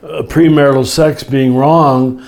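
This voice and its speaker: An older Catholic teacher and author explains ideas in relaxed conversational teaching, speaking slowly and reflectively, often restarting and listing words. His medium-pitched voice is steady, creaky and a little mellow.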